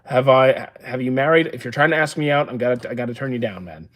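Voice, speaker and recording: A man in his thirties, a streamer, casually reading viewer comments aloud and answering them with dry, deadpan replies from an indoor storage room. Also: mid-range voice, fast talker. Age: 30s. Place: indoor room used for storing action figures.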